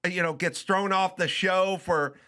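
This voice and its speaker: A man's voice: high voice, steady tone, normal speed, sharp tone, smooth. A middle-aged man hosting a podcast, ranting emphatically and profanely, slipping into mimicked voices. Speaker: podcast host. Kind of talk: casual podcast rant.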